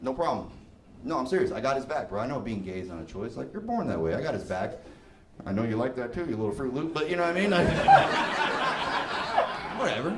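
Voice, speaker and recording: A man in his thirties performing profane, animated stand-up on a comedy club stage into a handheld mic. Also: mid-range voice, a little fast, long pauses. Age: 30s. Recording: echoey club with crowd noise.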